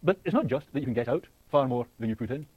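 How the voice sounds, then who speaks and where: A man lectures at high speed, with frequent fillers, restarts and questions to the class. His voice is dark and slightly husky. The recording is dry and close. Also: expressive, no room sound, muffled recording. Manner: rapid, thinking aloud with frequent fillers and restarts; asks the class questions and laughs lightly. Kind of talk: university lecture.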